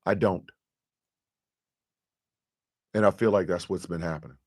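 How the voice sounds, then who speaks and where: Gravelly-voiced man in a heated monologue. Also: sits low, measured pace. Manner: emotional, profane, swings from quiet confession to loud outrage. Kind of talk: impassioned monologue.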